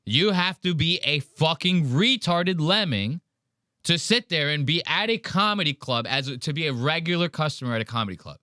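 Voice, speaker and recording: A man's voice: a little high, moderate pace, no room sound, clean studio sound. A man hosting a podcast, ranting in casual chat with lots of swearing. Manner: profane, ranting, animated. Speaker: podcast host.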